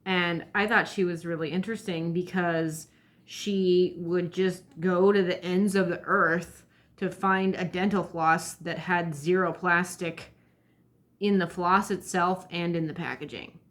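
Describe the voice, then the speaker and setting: A woman's voice: on the low side, steady tone, measured pace, fairly bright tone. A woman ranting bluntly in a vlog monologue, heated and full of profanity. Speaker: vlogger.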